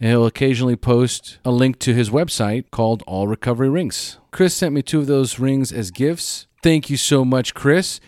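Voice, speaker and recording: A man's voice: medium pitch, a little mellow, no room sound, clean studio sound. A man hosting a podcast, earnestly thanking his family and listeners. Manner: earnest, grateful. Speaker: podcast host.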